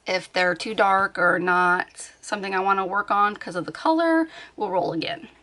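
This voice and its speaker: A woman's voice: mid-range voice, moderate pace, sharp tone. A woman vlogging from her bed at home, chatting casually, thinking aloud and laughing often. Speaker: beauty vlogger. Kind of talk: casual chat.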